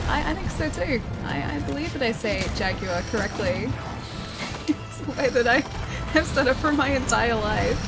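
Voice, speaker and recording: A woman with an Australian accent streaming a game, chatting and laughing as she reads chat and calls out her moves. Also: on the high side. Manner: chatty and playful, laughs often. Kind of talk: live gameplay commentary, reading chat aloud. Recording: loud game music behind the voice. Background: loud game music.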